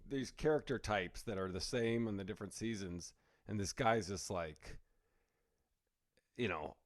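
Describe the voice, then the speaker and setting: A man's voice: on the low side, unhurried. A man co-hosting a podcast, a comedian telling stories in casual chat and acting out the people he quotes. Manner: animated storyteller, acts out quotes.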